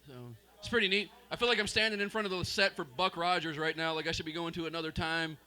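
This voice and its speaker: A young man from Mississippi with a Southern accent, doing a profane, deadpan open-mic stand-up set into a stage mic. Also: a little high, quick pace. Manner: profane, deadpan, teasing the crowd. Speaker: stand-up comic. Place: small club stage.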